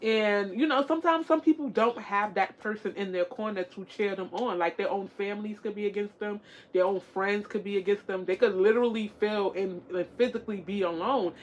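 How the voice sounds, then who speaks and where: A woman's voice: mid-range voice, brisk, a little hiss or hum. A woman talking casually to the camera as a tarot-reading vlogger, encouraging and repetitive, with many fillers.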